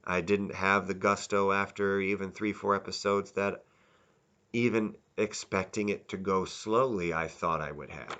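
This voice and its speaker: A man's voice: low-pitched, steady tone, unhurried, fairly bright tone, highs cut off. A man giving a casual, rambling spoken review, often restarting and correcting himself. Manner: rambling, self-correcting, candid. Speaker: video reviewer.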